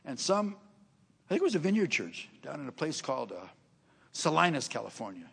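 A man's voice: a little high, sing-song, fairly quick, vocal fry, fairly bright tone, husky. An older man preaching a sermon, telling stories in a chatty way, laughing between lines and acting out the people he quotes. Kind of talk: sermon storytelling.

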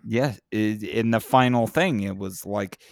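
Profane, fired-up man with a low voice. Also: unhurried, gravelly, dry recording, studio quality. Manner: profane, animated, rises in pitch when impassioned. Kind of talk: casual chat.

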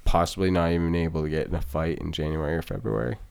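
A man, a fighter appearing as a guest, chatting casually and laid-back, swearing freely and breaking into loud laughs. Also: low voice, fast talker, gravelly, clear, resonant tone. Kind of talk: casual chat.

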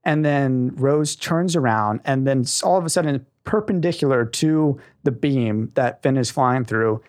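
An enthusiastic young man chatting on a podcast, rambling from one point to the next. His voice sits at a middle pitch, and the sound is dry and close with no room echo. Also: a little slow, darkish tone. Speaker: podcast co-host. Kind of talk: casual podcast chat.

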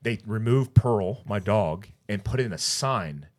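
In an unhurried, lowish voice, a middle-aged podcast co-host retells a story in a rambling, casual way. He animates it by voicing what the other people said.

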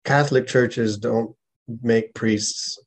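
A man's voice: mid-range voice, steady tone, slow pace. A man hosting a podcast in casual conversation, thinking aloud and checking in with tag questions as he goes. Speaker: podcast host.

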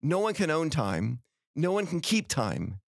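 A man's voice: fairly high pitch, sing-song, a little slow, vocal fry, dry recording, clean studio sound. A middle-aged man hosting a podcast, giving an earnest, folksy motivational talk full of rhetorical questions. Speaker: podcast host.

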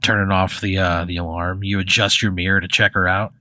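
A man's voice: low-pitched, little pitch movement, fairly quick, sharp tone. A man hosting a comedy podcast, narrating a rambling second-person hypothetical full of "like" and swearing. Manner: rambling, heavy use of "like" and swearing. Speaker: podcast host spinning a hypothetical.

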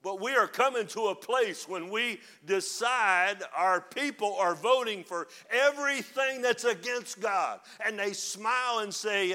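An older man preaching with fire in a high, ringing voice. His delivery is bright and forceful, swinging from low, muttered asides to loud, shouted declarations. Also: unhurried, few pauses. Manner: fiery, preaching with rising shouts. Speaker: pastor. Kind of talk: sermon.

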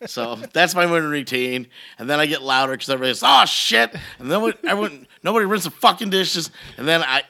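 A man's voice: fairly high pitch, quick pace, gravelly, few pauses. A middle-aged man in casual chat, ranting and telling stories, with plenty of swearing. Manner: profane, animated ranting storytelling.

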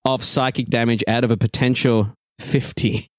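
A man narrating a tabletop game as game master, lively and often laughing. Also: mid-range voice, normal speed, a little hiss or hum.

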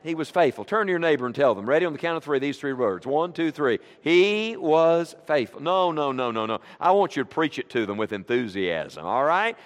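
A middle-aged man preaching a sermon to a congregation, leading call-and-response with an animated delivery. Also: medium pitch, brisk, hardly any pauses. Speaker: guest preacher. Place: church sanctuary. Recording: long reverb of a church hall.

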